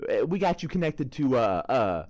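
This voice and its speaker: A man's voice: mid-range voice, very animated, normal speed, a little mellow, close to an everyday voice. A man voicing a brash, swaggering male investigator with a put-on New York accent who swears a lot. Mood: blustering.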